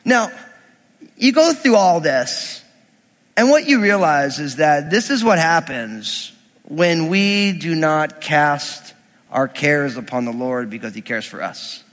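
A man preaching a sermon, reading scripture and explaining it with animated, acted-out quotes from the people in the story. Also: a little high, slow, long reverb tail.

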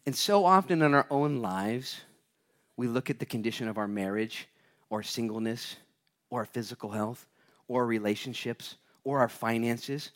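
A man preaching a lively sermon, moving between quiet asides and loud, dramatic readings with humorous touches. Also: medium pitch, moderate pace. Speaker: pastor.

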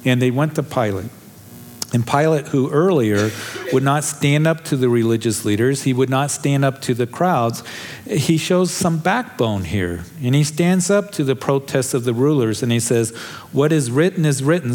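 A male pastor delivering a sermon in an earnest, heartfelt way. His voice sits in an ordinary middle pitch, and he leans into emphatic appeals as he builds each point. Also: a little mellow.

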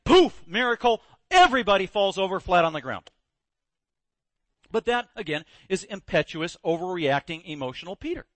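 A man's voice: high-pitched, moderate pace, dry recording. A man preaching a sermon, telling a story with energy and acting out the quoted voices. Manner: animated storyteller, acts out quotes. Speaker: pastor.

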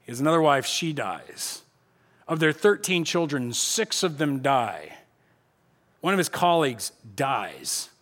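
A middle-aged man preaching from a church stage, his voice sitting a little higher than most men's. He tells the story with energy and acts out the voices of the people in it. The delivery is an animated sermon. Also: unhurried. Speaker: pastor.

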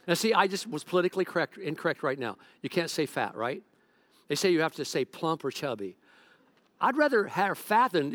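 Lively, joking middle-aged male pastor. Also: sits high, moderate pace. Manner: animated, joking storyteller. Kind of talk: sermon.

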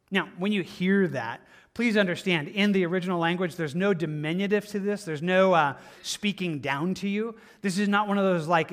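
A man with a high voice delivering a sermon as a pastor. He talks earnestly and conversationally, repeating himself for emphasis and slipping in casual asides. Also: a bit bright.

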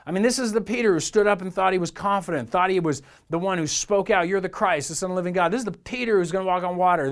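A man preaching a sermon in a church in a conversational way, acting out the voices in the stories he tells. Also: on the high side. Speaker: pastor.

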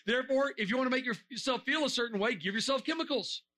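This very high-voiced man delivers a sermon to young listeners at a quick pace, full of jokes and energy. Rhetorical questions come one after another, and at times he shouts.

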